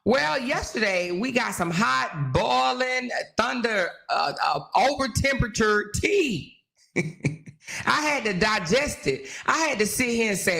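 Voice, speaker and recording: Chatty bright-voiced woman host. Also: mid-range voice, moderate pace, gravelly. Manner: animated, chatty, laughs often, addresses viewers directly. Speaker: host of a live talk stream. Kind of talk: casual gossip chat with live viewers.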